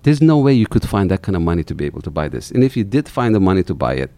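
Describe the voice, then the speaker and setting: A middle-aged man from Turkey, an animated storyteller who repeats words as he recounts his company's start in an interview. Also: low voice, very fast. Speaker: company founder guest.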